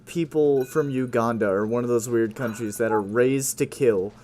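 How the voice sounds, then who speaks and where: Man, mid-pitched voice, casual gaming chat, wry jokes, laughs often. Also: normal speed, a little mellow. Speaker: gamer and podcast co-host. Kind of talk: casual chat while playing a game.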